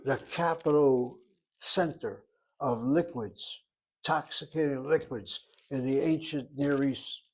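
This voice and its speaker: A man's voice: medium pitch, darkish tone, husky. An older man teaching a Hebrew class, explaining words and asking and answering his own questions. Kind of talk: classroom lecture.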